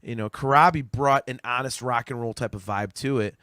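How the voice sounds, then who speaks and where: A man's voice: mid-range voice, fairly quick, pushed and bright, smooth, dry recording, studio quality. A man in his forties, a podcast guest in casual discussion, ranting heatedly and profanely with many stammered restarts. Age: 40s.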